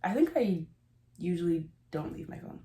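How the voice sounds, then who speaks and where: Woman, casual vlog chat, rambling, giggly, mellow low voice, echoey room. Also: big pitch swings, moderate pace. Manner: rambling, giggly, self-interrupting storyteller. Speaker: vlogger. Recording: roomy echo.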